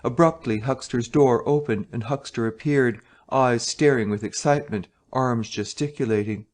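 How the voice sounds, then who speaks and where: A man narrating a story slowly and clearly for English learners. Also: mid-range voice, darkish tone. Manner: slow, clear, measured reading.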